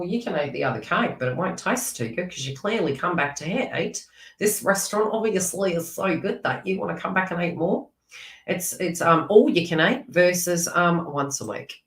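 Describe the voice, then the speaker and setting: A woman's voice: on the low side, echoey room, distant mic, rough recording. A woman giving a live tarot reading, chatty and teasing as she talks to viewers by name. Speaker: tarot reader.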